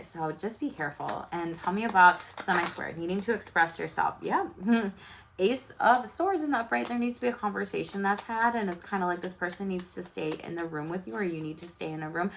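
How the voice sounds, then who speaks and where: A woman's voice: fairly low pitch, gravelly, background noise. A woman doing a casual tarot reading, chatty and loose, full of fillers and the odd swear word. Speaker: tarot reader.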